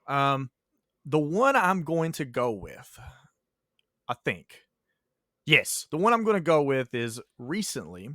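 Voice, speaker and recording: A man's voice: mid-range voice, a bit bright, no room sound, clean studio sound. A man co-hosting a casual podcast, telling teacher stories in a joking way and laughing often.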